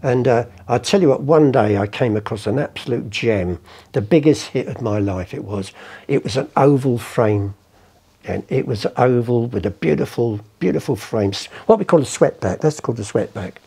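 This man's voice is medium in pitch, dark, and slightly rough, at a normal speed. He's on a podcast as a guest, wandering through casual anecdotal stories, swearing, and mimicking the people he describes.

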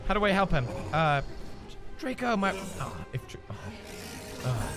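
A man giving let's-play commentary on a video game, excitable and swearing a lot, shouting during fights. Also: high-pitched, normal speed. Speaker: gamer. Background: game music.

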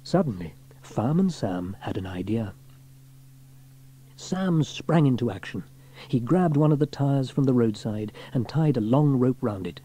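A man reading a children's storybook aloud in an expressive way. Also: medium pitch, unhurried, husky.

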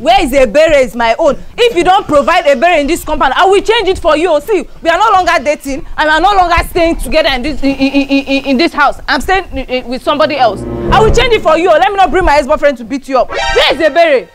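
A woman's voice: high voice, expressive, quick pace, few pauses. A woman with a Nigerian English accent acting a tough young woman who demands and threatens in a comedy skit, with music behind. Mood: demanding.

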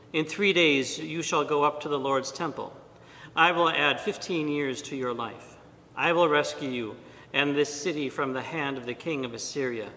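Priest guy reading at mass, slow and deliberate, bright punchy voice, big echoey church. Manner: measured, deliberate reading with pauses. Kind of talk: liturgical reading and homily. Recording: long church reverb, faint rumble.

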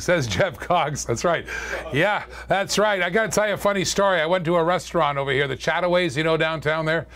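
A man hosting a live-streamed toy car auction, calling bids in quick, chatty patter and joking with viewers. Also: a little high, a bit bright. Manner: chatty, joking, fast auction calls with laughs.

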